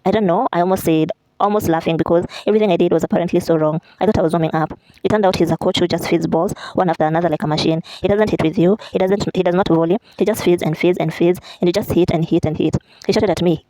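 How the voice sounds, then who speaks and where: A woman's voice: fairly low pitch, warm tone, dry recording, poor audio. A woman reading a memoir aloud in a casual way, correcting herself now and then and adding chatty asides.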